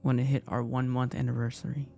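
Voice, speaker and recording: A man's voice: mid-range voice, completely flat delivery, quick pace, creaky, mellow, soft background music. A young man rambling through a personal story in a casual, emotional way, with lots of "I was like.".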